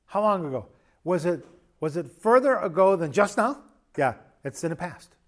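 A man's voice: sits high, sing-song, normal speed. A man preaching a sermon as pastor in a church, conversational and joking with emphatic bursts.

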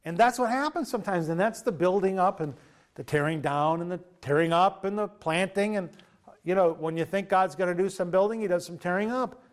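A man preaching an informal sermon at an evening fellowship, retelling a story in a lively, conversational way. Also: high-pitched, brisk. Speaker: pastor.

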